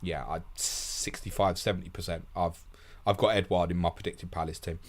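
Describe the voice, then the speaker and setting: A man hosting a fast live Q&A, blunt and casual, calling listeners mate, with a sore throat and short of sleep. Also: sits low, steady tone. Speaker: host answering viewer questions.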